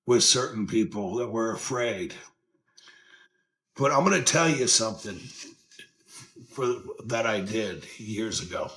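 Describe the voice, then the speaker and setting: A man's voice: lowish voice, sharp tone. A man hosting a podcast, giving casual motivational talk in a blunt, earnest way, swearing freely and circling back over his points. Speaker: podcast host.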